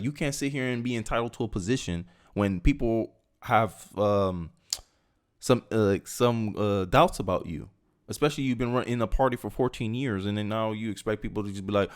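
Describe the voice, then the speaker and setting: A young man hosting a casual political commentary video, reading news aloud and reacting with animated, conversational asides. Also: mid-range voice. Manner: animated and conversational, slipping into mocking voices.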